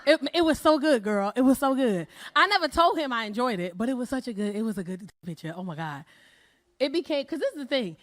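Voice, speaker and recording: Brash high-voiced woman doing stand-up. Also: animated, quick pace. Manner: bold, brash, laughing at own jokes. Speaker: stand-up comedian. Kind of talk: stand-up comedy set. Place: comedy club stage with live audience. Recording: faint crowd laughter and noise.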